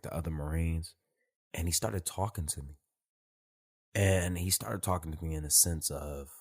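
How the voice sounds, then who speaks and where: A man's voice: sits low, a little mellow, slightly rough. A man telling profane stories from his time in the military in casual street slang. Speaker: host. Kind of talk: casual storytelling monologue.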